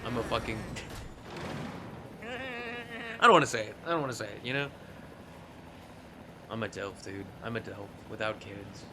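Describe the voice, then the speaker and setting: A man streaming a shooter game in casual, jokey commentary, swearing freely and laughing often, with excited yelps when the game turns. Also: on the low side, moderate pace, long pauses, slight background noise.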